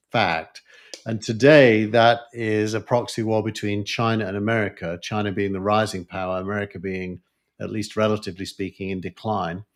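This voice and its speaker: A man with a Yorkshire accent, co-hosting a podcast discussion, talking thoughtfully with many fillers and restarts. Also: fairly low pitch. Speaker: podcast co-host. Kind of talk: casual discussion.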